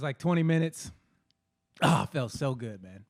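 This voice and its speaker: A man's voice: medium pitch, animated, a little fast. A man co-hosting a comedy podcast, joking and teasing in a casual chat.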